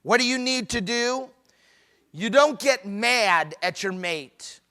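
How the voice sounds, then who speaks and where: High, bright-voiced male seminar speaker. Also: expressive, slow pace. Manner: emphatic, preachy, joking. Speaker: marriage conference speaker. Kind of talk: humorous live seminar talk.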